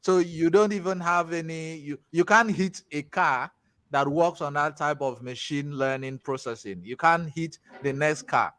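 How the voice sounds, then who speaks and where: A man from Nigeria with a Nigerian accent, teaching a tech class in a chatty, animated way with pidgin asides. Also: on the high side, unhurried, dry recording. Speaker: tech instructor. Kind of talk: casual class talk with storytelling.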